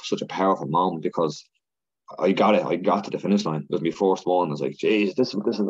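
A podcast guest telling stories in a rush of excited, rambling speech, full of fillers and repeats. His voice is low and husky, and the lo-fi recording sounds dull. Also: fast talker. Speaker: podcast guest, Ironman athlete. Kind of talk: casual storytelling chat.

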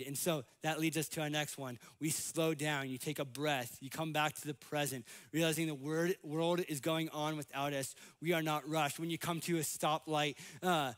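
A man's voice: a little high, level tone, a little fast, few pauses, fairly bright tone. A man in his late twenties preaching a conversational sermon in church, with self-deprecating humor and frequent restarts. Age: 20s. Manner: frequent restarts and repeated words.

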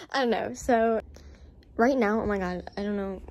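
A woman's voice: medium pitch, moderate pace, darkish tone, slight background noise. A young woman vlogging in a casual, giggly, rambling way, full of fillers, filmed on a handheld camera at home and out on a night walk. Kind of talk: casual vlog chat.

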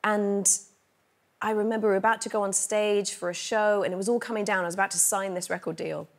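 An English woman, a guest actress, telling anecdotes on a chat show in an animated, self-deprecating way. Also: medium pitch, fast. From England.

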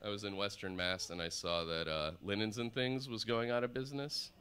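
Male stand-up, 30s, deadpan and rambling, lowish bright voice. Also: fairly quick, smooth. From Soviet Union. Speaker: stand-up comedian. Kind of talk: live stand-up comedy. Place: live performance space on stage.

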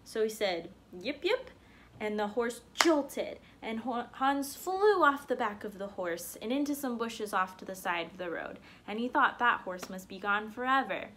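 A woman's voice: fairly high pitch, moderate pace, few pauses, a little hiss or hum. Woman telling a folktale aloud. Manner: animated, homespun. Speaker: storyteller.

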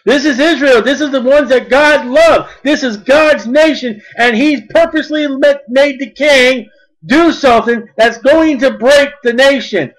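A man preaching a sermon, blunt and folksy, mocking at times and rising to shouts. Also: very high-pitched, unhurried, poor audio.

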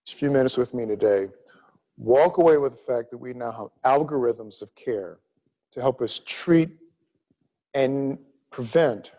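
A middle-aged man from Louisiana giving a grand rounds medical lecture, emphatic and deliberate in his pacing. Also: medium pitch, darkish tone, poor audio. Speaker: cardiology lecturer.

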